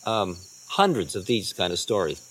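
Speaking as a spiritual teacher, a deep-voiced man tells stories at a normal speed with slight background noise. His manner is relaxed and conversational, frequently dropping into quiet asides.

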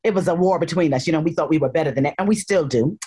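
Animated woman guest telling stories, playful, acts out the people she quotes, lowish voice. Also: very fast, breathy edge, faint music behind. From North Carolina, USA. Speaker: guest actress. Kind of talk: casual interview storytelling.

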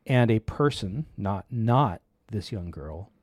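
A man's voice: lowish voice, slow pace, slightly rough. A man hosting a casual tech talk show, telling stories and acting out the voices in them. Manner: animated storyteller, acts out quoted voices.

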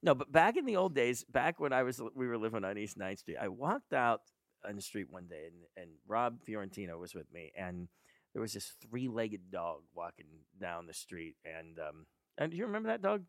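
Rambling man with a gravelly voice. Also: fairly low pitch, very animated, normal speed, no echo, clean studio sound. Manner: rambling storyteller, laughs hard. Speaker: podcast guest. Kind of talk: casual chat.

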